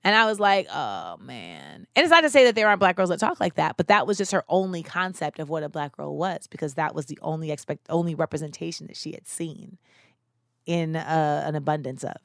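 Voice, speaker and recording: A woman's voice: deep voice, quick pace, a bit bright, no echo. Earnest woman, dry close sound. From United States, of West Indian parents. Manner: earnest, thoughtful, uses fillers like "you know". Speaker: podcast host. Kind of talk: reflective casual monologue.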